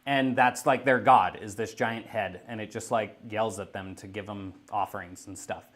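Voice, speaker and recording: A man's voice: on the low side, fairly even intonation, moderate pace, fairly bright tone. A man chatting casually on a painting livestream, rambling through a story with lots of "like". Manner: rambling storyteller, heavy use of "like". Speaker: guest painter. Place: gaming store.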